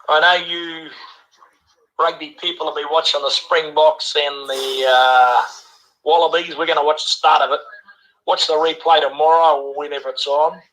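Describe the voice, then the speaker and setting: A man's voice: fairly high pitch, pushed and bright, poor audio. A man in his sixties from New Zealand, rambling through a rugby voice message and dropping "bloody" and "eh?" into nearly every line. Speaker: caller sending a voice message.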